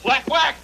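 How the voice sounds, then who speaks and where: A man's voice: a little high, pushed and bright, a little hiss or hum, poor audio. A man voicing a fussy, flustered male bunny in a 1970s TV puppet show, stammering and polite.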